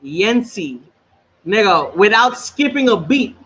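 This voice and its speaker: A man co-hosting a casual chat, telling stories in a profane, animated way. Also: high voice, a little slow, breathy edge. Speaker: podcast co-host. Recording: slightly dull sound with faint noise.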